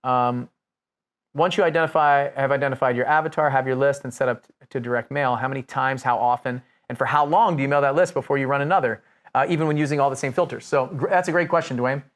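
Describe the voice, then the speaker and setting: A man's voice: medium pitch, fast. A man coaching real estate investors in a casual, conversational way, with many restarts and fillers. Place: Nashville.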